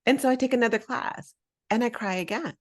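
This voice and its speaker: A woman's voice: fairly high pitch, fairly quick. A woman from the United States hosting a podcast, telling a personal story in casual chat and acting out the voices of people in it. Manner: animated, acts out voices in her stories. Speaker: podcast host.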